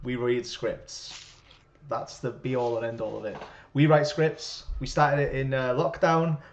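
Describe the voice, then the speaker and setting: A man co-hosting a live script-reading stream, chatty and quick to laugh and encourage. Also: mid-range voice, flat delivery, slight background noise. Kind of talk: casual chat.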